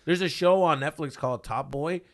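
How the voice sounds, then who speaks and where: A man co-hosting a comedy podcast, talking in a casual, profane, animated way with mock voices. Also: on the high side, brisk. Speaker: podcast co-host.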